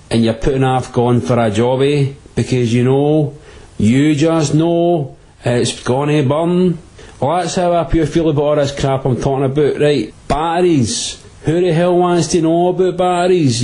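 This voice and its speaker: A man's voice: a little high, warm tone. A man with a Glaswegian accent teaching physics in a crude, jokey, slang-heavy way. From Glasgow, Scotland. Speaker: physics tutor. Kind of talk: comic slangy physics lesson.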